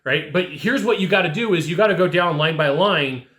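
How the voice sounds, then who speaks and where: A man with a high, forceful voice coaches his listeners with animated, direct talk, often tossing in "right?" to check they follow. His voice rings in a roomy, echoey space. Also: fairly quick. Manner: animated, talks straight to the listener, keeps asking "right?". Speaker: sales coach. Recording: echoey room.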